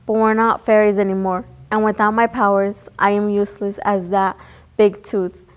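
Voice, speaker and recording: A woman's voice: medium pitch, flat delivery, normal speed, lightly acted. Brief: woman reading a bossy fairy, urgent, lightly voiced. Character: fussy female fairy godparent.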